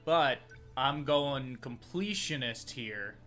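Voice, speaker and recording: A man's voice: mid-range voice, animated, slow pace, sharp tone, soft background music. A man streaming a video game, commenting frankly with swearing and restarted sentences. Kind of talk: let's play commentary.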